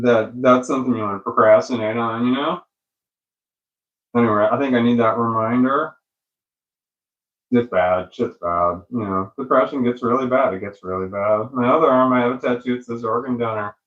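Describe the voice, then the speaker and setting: With a mid-range, fairly bright voice, a middle-aged man records a casual vlog at home using a phone camera and a small external mic. He swears, rambles and loses his train of thought, and the sound is lo-fi.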